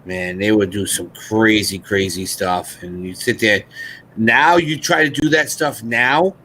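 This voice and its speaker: A man's voice: fairly low pitch, measured pace, pushed and bright. A man hosting a casual chat, laughing often as he retells jokes. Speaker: host. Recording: faint background noise.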